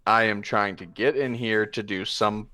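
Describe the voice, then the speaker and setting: A man's voice: lowish voice, steady tone, normal speed, pushed and bright, no room sound. A man voicing an impatient, rude male customer who curtly tells someone to move. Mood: irritated. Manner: curt, irritated.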